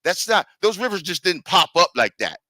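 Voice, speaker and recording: A man's voice: sits high, big pitch swings, moderate pace, sharp tone, no room sound, poor audio. A man making an emphatic, lecturing case in an online debate and talking over others. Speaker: debater presenting a historical argument.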